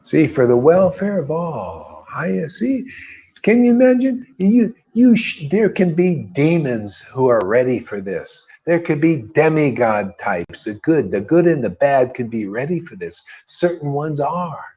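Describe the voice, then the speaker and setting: Through a muffled recording, a spiritual teacher preaches in a medium-pitched, dark voice with big pitch swings, keeping a measured pace with hardly any pauses. He's fervent, informal, and rambling, full of slang and mocking put-on voices.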